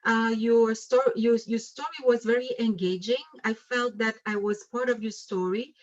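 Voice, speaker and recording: A woman's voice: on the high side, fairly even intonation, moderate pace, muffled recording. A woman giving a speech evaluation over a video call, speaking hesitantly with frequent fillers. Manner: hesitant, with many fillers and restarts. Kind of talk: online club speech evaluation.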